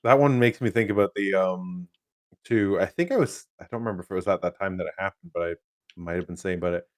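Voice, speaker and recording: A man's voice: low voice, fast, no room sound, studio quality. A young man co-hosting a podcast in casual chat, laid-back, laughing often and swearing freely. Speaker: podcast co-host.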